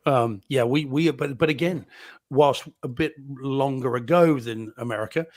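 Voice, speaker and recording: A man's voice: medium pitch, normal speed, dry recording, clean studio sound. A man from New Zealand co-hosting a casual live-stream chat, chatty and laughing between points. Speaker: podcast co-host.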